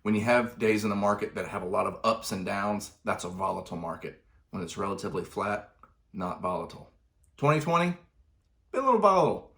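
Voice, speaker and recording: A man with a lowish voice walks through a finance lesson in a relaxed, conversational way. He stumbles and restarts a little, then drops in wry little asides. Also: brisk, vocal fry. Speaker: finance instructor. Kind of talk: explanatory video lesson.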